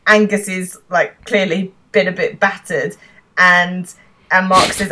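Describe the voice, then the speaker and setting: Woman cohost chatting about a show, lowish voice, laughs a lot, swears. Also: a little slow. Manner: laughs often, animated, swears freely. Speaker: podcast co-host. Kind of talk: casual chat recapping a TV episode.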